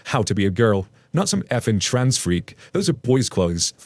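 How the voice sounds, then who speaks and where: A man's voice: medium pitch, very animated, moderate pace, darkish tone, no room sound. A man voicing a pushy, judgmental entitled mother in a story reading, with a nosy and scolding manner. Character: shrill, pushy middle-aged woman, an entitled mother.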